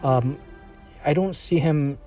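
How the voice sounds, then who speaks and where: A man's voice: fairly high pitch, slow pace, mellow, faint music behind. Rambling man reviewing a film. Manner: rambling, full of fillers and restarts. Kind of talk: casual spoken film review.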